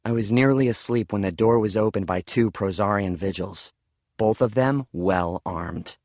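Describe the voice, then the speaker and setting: A man narrating a first-person audiobook in a measured, steady way. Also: lowish voice, no echo.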